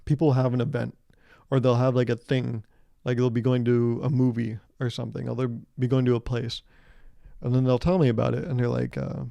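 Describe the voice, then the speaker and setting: A man's voice: mid-range voice, level tone, fairly quick, creaky, mellow, dry recording. A young man in his twenties hosting a solo comedic podcast, rambling sarcastically, swearing freely and acting out little scenes. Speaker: podcast host.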